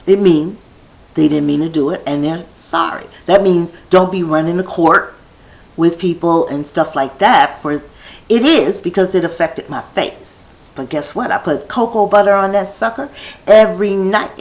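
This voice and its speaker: A woman vlogger with a lowish voice talks at a moderate pace from her home set, rambling through a personal monologue. She keeps restarting her thoughts and wandering into chatty asides. The recording quality is poor.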